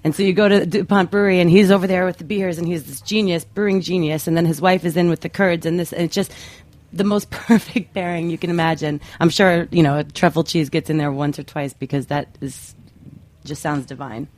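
A woman's voice: lowish voice, steady tone, a little fast, a little mellow. A woman co-hosting a radio show, bubbly and chatty, laughing easily. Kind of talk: casual radio chat.

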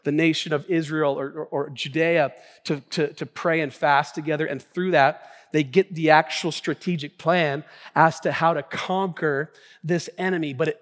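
A man pastor preaching a sermon in a church, talking in an energetic, conversational way with many restarts. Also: fairly high pitch, moderate pace. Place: church sanctuary. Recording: long church hall reverb.

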